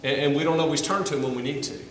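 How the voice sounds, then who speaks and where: Pastor preaching in an echoing church. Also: male voice, on the high side, very fast, slight background noise. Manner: earnest, repeats words when starting phrases. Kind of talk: sermon. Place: church sanctuary. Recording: roomy hall, from a distance.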